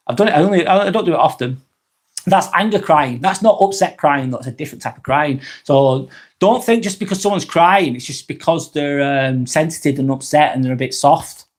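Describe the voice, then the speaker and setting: A man's fairly high-pitched voice comes at a normal speed as he hosts a live vlog. Reading out chat comments and replying, he's casual and frank, cursing often and restarting his sentences as he rambles.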